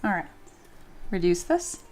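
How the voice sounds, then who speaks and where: A woman's voice: lowish voice, big pitch swings, measured pace. A woman hosting a sculpting livestream, chatting casually and reading viewer comments aloud with self-deprecating humor. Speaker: livestream host sculpting 3D models. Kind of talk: casual livestream chat while working. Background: soft background music.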